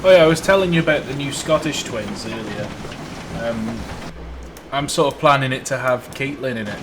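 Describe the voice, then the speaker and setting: Reading viewer comments aloud as he plays, a Welsh man chats in a rambling, jokey way on his live stream. He speaks at a moderate pace with a medium-pitched voice, and there's a lot of noise behind him.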